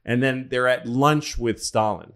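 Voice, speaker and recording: A man's voice: medium pitch, measured pace, fairly bright tone. A man telling history stories in a rambling, profane, casual way as a podcast co-host. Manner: rambling, profane, acts out quotes.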